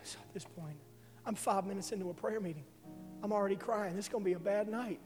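A man preaching a sermon, telling an emotional testimony that swells to loud passionate peaks. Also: high-pitched, fast talker. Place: church sanctuary. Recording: live hall with reverb and faint music.

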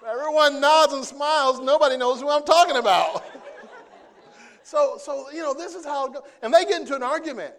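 A man preaching a sermon, playful and animated, who acts out scenes and jokes with the congregation. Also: very high voice, fairly quick. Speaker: pastor.

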